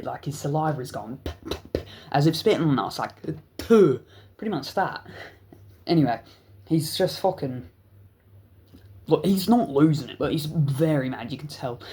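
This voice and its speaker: A man's voice: fairly high pitch, normal speed, a little mellow. A young adult man, telling a rambling, profane story as a vlog host. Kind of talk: casual storytelling.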